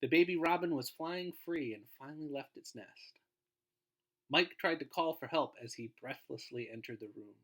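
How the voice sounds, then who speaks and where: A man's voice: fairly high pitch, normal speed, a bit bright. A man giving a recorded grammar lesson as a guest teacher, explaining in an informal way and trailing off at the ends of phrases.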